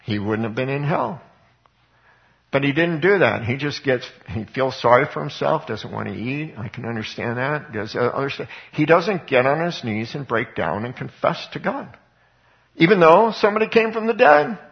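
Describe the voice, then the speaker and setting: A man's voice: medium pitch, lively intonation, normal speed, creaky. A man preaching a sermon in an earnest, emphatic way, reading scripture and asking rhetorical questions. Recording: dull lo-fi recording.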